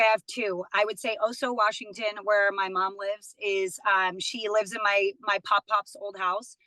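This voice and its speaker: Guest woman, thirties, bright chatty voice, dry studio sound, laughs easily. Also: medium pitch, dry recording, poor audio. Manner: chatty, warm, laughs often. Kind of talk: casual chat.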